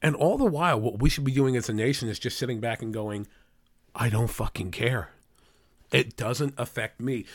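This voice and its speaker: A man rants through a sarcastic, profanity-laced political commentary, combative from start to finish. His voice sits at a typical middle pitch for a man. The recording is dry and close, with no room sound. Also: no room sound. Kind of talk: opinion rant.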